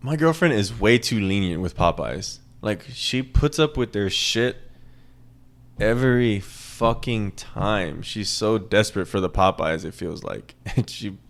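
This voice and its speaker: Male podcast host, casual profane rant, repetitive for emphasis, low-pitched. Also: fairly bright tone. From American South. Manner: profane, rambling, repeats lines for emphasis.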